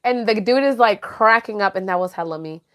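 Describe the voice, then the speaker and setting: Woman, young adult, podcast co-host, casual chatty talk, laughs a lot, mixes in Spanish words, mid-pitched voice. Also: a little fast. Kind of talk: casual chat reading live comments.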